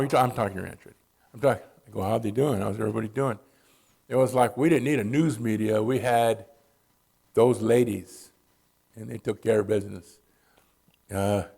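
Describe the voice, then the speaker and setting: A man's voice: fairly low pitch, gravelly. A man from Southern California telling personal stories at a church in a casual, conversational way. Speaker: church speaker.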